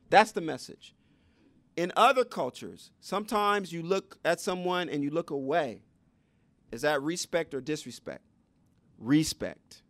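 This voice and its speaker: A man lecturing with a gravelly, slightly raised voice and an emphatic, preacher-like cadence that repeats its points. The sound is close and dry. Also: high-pitched, no room sound. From United States. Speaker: education speaker. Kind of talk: lecture to an audience.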